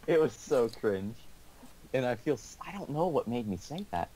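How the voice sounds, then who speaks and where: A man's voice: mid-range voice, animated, normal speed, warm tone, a little hiss or hum. A teenage boy casually telling a school story over a call, rambling with lots of restarts and laughs. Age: teens.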